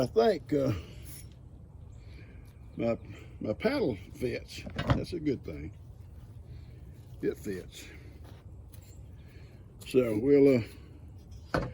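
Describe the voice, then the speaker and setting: Older male farmer-host, gravelly, animated delivery, easygoing vlog narration outdoors. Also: mid-range voice, very slow, pauses often, background noise. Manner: folksy and chatty, chuckles often. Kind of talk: casual vlog narration while working. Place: outdoors by a creek on a farm.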